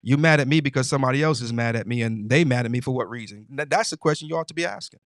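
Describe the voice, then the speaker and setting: A man's voice: mid-range voice, very fast, few pauses, dry recording, clean studio sound. A man hosting his own show, talking in a casual, emphatic and preachy way with stammering restarts. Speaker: host. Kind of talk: casual motivational monologue.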